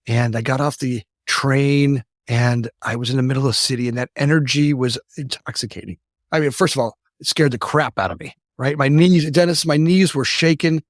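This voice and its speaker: A man in his fifties from the United States, a company founder telling stories as an interview guest. He talks rapidly, tags his lines with "right?" and often restarts his sentences. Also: medium pitch, gravelly, no room sound, studio quality. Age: 50s. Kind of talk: casual storytelling interview.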